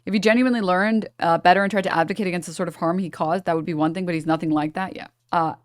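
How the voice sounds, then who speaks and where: A woman's voice: fairly low pitch, steady tone, racing, dry recording. Blunt, mocking woman streamer, dry sound. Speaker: streamer reacting to clips. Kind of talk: casual reaction stream chat.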